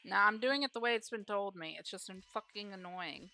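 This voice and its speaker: A woman's voice: mid-range voice, fairly quick, pushed and bright. A woman streamer giving casual live commentary on a game, grumbling aloud and swearing freely.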